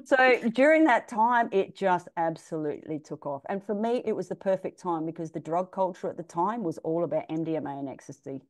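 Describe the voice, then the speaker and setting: Frank lower-voiced Australian woman storyteller. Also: fairly quick, hardly any pauses. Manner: animated, frank, swears, acts out quotes. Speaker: DJ guest. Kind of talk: casual storytelling interview.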